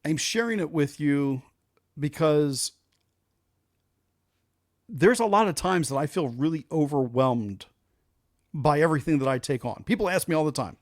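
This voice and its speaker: A man hosts his own commentary show, talking in an emphatic, off-the-cuff way with plenty of fillers. His voice sits a little higher than most men's. The sound is close and dry, with no room echo. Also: lively intonation, moderate pace, pauses often. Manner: conversational, emphatic, loose with fillers. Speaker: show host. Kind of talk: casual opinion commentary.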